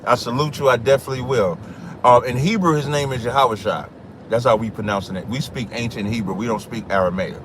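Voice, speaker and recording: A man's voice: medium pitch, steady tone, fast, background noise. A man hosting a call-in livestream, reading scripture aloud and talking over interrupting callers. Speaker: livestream host.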